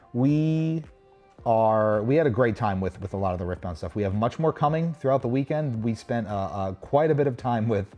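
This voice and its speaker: A man's voice: fairly low pitch, mellow. Chatty man narrating a convention walkthrough. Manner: rambling, chatty, restarts and asides. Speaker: host. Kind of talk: casual livestream walkthrough narration. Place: convention show floor.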